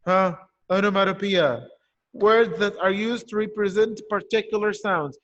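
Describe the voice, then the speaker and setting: Man teaching online, high voice, dull lo-fi call audio, explains step by step. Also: a little slow, fairly bright tone. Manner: explains step by step, asks and answers his own questions. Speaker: primary school teacher. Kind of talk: online poetry lesson.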